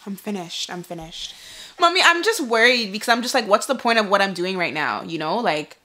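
A woman's voice: medium pitch, lively intonation, a little fast, sharp tone. A young woman vlogging at home in a chatty, casual way, laughing often. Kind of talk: casual vlog chat.

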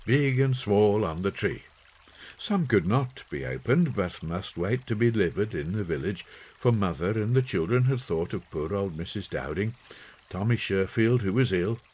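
A man reading a children's story aloud in an expressive, unhurried way. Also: low-pitched, breathy edge. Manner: slow, lively expressive reading. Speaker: audiobook narrator. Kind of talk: storybook narration.

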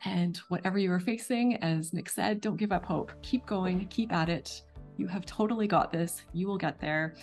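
A woman's voice: lowish voice, normal speed, a little mellow, faint music behind. A woman hosting an interview, speaking in an encouraging, reflective way to her guest and viewers. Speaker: host.

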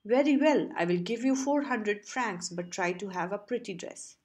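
A woman's voice: medium pitch, expressive, moderate pace, a little mellow, close to an everyday voice. A woman voicing a meek, eager-to-please clerk husband who coaxes his wife earnestly. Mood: coaxing.

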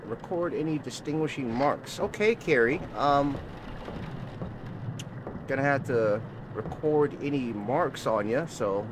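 A man's voice: medium pitch, noisy background. A man playing a horror game on his channel, rambling nervously, repeating himself and talking to viewers as bro and y'all; he is scared and sweating. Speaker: gaming let's-play host. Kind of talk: horror game let's play commentary. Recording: loud game music behind.

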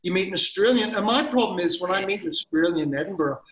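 Northern Irish man, fairly high voice, lively swooping pitch, rambling and jokey, roomy echo on a video call. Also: quick pace. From Northern Ireland. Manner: rambling, jokey, self-deprecating. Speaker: guest illustrator and author. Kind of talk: casual chat.

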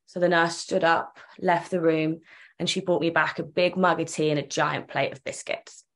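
A woman's voice: deep voice, fairly even intonation, moderate pace, a bit bright. A young woman tells her own story earnestly and emotionally, acting out the remembered dialogue. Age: young adult. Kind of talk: personal storytelling.

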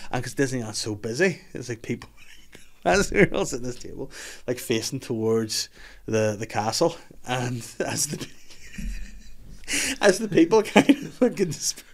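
A Scottish man in his thirties hosts a casual podcast chat. He tells his story in an animated way, laughing often and swearing freely. His voice sits at an ordinary middle pitch. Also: normal speed. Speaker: podcast host.

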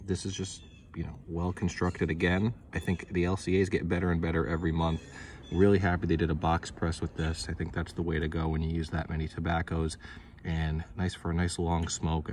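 Low, flat-voiced man reviewing cigars. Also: a little hiss or hum. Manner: laid-back, repeats words, swears casually. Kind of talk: casual video review.

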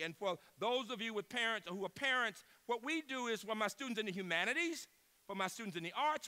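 A university president in his sixties delivers an inspirational keynote, telling stories with emphasis and shifting from loud bursts to hushed tones. His voice is high-pitched.

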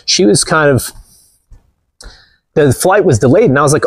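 A man's voice: mid-range voice, lively intonation, normal speed, pauses often, no echo. A man vlogging outdoors with a phone camera, blunt and mocking, rambling through stories as he walks. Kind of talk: casual walking vlog talk.

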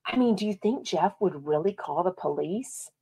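A woman's voice: lowish voice, moderate pace, husky. A woman from Texas with a Texan accent, hosting a podcast and chatting casually about reality TV, reading viewer comments along the way. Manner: chatty, lively, reads viewer comments aloud. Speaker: podcast host. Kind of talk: casual chat.

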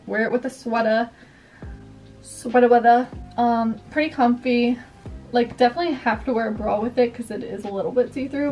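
A woman's voice: a little high, far from the mic. Chatty young woman, slightly off-mic. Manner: chatty, rambling, heavy use of "like". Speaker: vlogger. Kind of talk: casual haul vlog chat. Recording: voice a bit off-mic, faint music behind. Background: faint background music.

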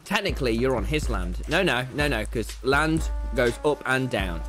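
A young man streaming a game live, talking loudly and excitably to his chat in a brash, boastful way. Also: mid-range voice, moderate pace, soft background music. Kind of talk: livestream gaming commentary.

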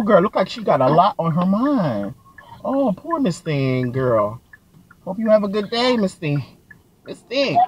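A flamboyant man chatting sassily while driving. His high voice swoops up and down with drama. The steady drone of the car is plain behind him. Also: slight background noise. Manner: sassy, flamboyant, dramatic, keeps saying "girl" and "Miss Thing". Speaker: delivery driver vlogger. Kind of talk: casual vlog chat.

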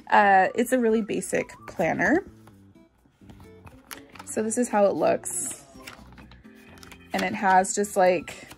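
A young woman vlogging casually from her bedroom, chatty and bubbly, with lots of "um"s and "like"s. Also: mid-range voice. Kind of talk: casual show-and-tell vlog.

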